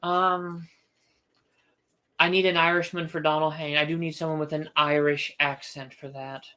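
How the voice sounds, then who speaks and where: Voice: mid-range voice, level tone, moderate pace, sharp tone, clean tone. Opinionated author chatting on a stream. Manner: opinionated, thinks aloud with restarts. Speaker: author hosting a book livestream. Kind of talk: casual livestream chat.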